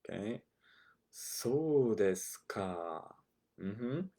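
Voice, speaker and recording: A man's voice: fairly low pitch, animated, slow, dark tone. A young man teaching a language class, explaining patiently and repeating each phrase for his students. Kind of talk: recorded online lesson.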